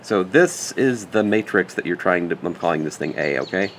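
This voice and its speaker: A man's voice: sits low, lively intonation, normal speed, slight background noise. A man teaching a recorded math lecture, working through a problem aloud as he writes, with joking asides and muttered self-corrections. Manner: thinks aloud while writing, joking asides. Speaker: math instructor.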